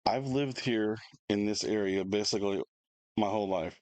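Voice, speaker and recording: A man, co-hosting a casual chat, telling an animated, rambling story with restarts and laughs. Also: on the low side, moderate pace, dry recording, low-quality recording. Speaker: podcast co-host.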